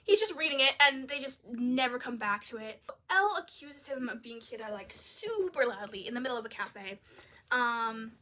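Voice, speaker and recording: A young woman with a bright, somewhat high voice runs through a movie's plot in a casual, chatty review. She peppers her talk with "like" and sounds openly exasperated at what she describes. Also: expressive, normal speed. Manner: chatty, exasperated, uses "like" often. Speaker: video creator reviewing a film. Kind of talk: casual spoken film review.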